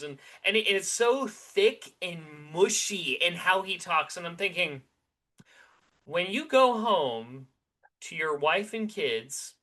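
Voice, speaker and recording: A man's voice: high voice, expressive, slow pace, bright, forceful tone. A man co-hosting a podcast, chatting casually and rambling animatedly through his opinions with many restarts. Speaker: podcast co-host.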